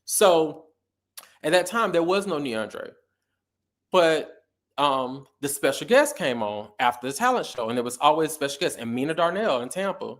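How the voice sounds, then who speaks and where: A middle-aged man telling stories in a casual interview, animated and sassy, acting out quotes. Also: a little high, moderate pace. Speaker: guest.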